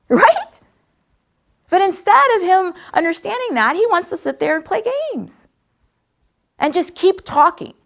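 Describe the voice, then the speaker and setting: A woman host recounts a story in a lively, animated voice that sits somewhat high and swings widely in pitch. She talks conversationally and leans on words for emphasis. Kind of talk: storytelling talk on sales.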